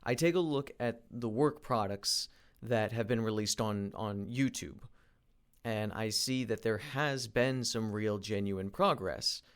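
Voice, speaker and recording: An independent animation creator records a casual work vlog in a lowish, unhurried voice with a clean tone. He thinks aloud as he animates, rambling with frequent restarts and fillers.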